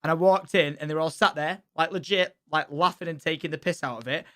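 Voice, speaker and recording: A young man chatting casually on a stream, animated, swearing freely and laughing often. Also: fairly high pitch, fast.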